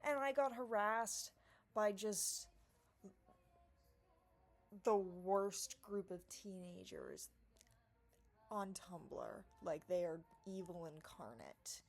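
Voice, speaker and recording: A woman ranting to camera in a profane, sarcastic monologue, swinging between loud theatrical outbursts and low mutters. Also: very slow, long pauses, soft background music. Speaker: vlogger.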